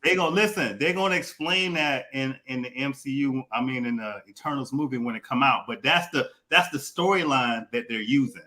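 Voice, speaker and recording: A man hosting a relaxed comic book chat, talking loosely and circling back on his words. His voice is bright and forward. He keeps an easy, conversational pace. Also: mid-range voice, fairly quick, few pauses. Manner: loose, repeats himself, animated. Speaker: podcast host.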